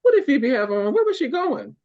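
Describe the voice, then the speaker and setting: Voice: sits high, sing-song, fairly quick, dull audio. A podcast co-host in casual chat about a TV episode, making wry, teasing asides.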